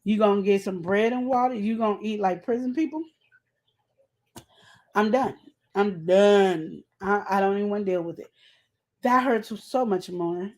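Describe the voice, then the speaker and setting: A woman's voice: medium pitch, moderate pace, long pauses, darkish tone. A middle-aged woman co-hosting a podcast, talking casually and animatedly, telling stories from home in a colloquial way. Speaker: podcast co-host. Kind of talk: casual advice chat.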